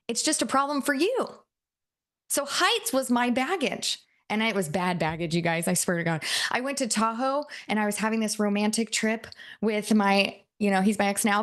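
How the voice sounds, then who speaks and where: A woman giving a live coaching talk to an audience, telling stories in a chatty way and often checking in with the listeners. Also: a little high. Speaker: NLP and hypnosis coach.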